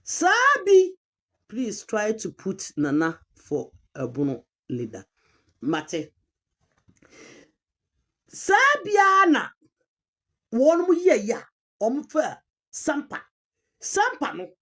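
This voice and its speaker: Woman, Ghanaian accent, emphatic argumentative commentary, animated pitch. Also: slow pace, husky. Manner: emphatic, repeats key terms, mixes Twi with English. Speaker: commentator on chieftaincy history.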